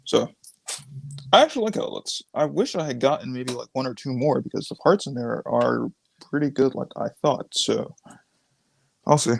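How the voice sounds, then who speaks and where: A man's voice: medium pitch, expressive, normal speed, creaky, a little hiss or hum. A man co-hosting a casual live stream chat, joking and playfully defensive, speaking through a phone connection. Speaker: co-host. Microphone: phone on mobile data.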